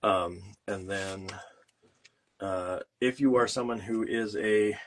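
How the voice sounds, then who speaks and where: A man's voice: fairly low pitch, slow, fairly bright tone, slight background noise. A man hosting a casual livestream from a home studio, explaining things in a rambling way with plenty of fillers while he works on art. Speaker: host.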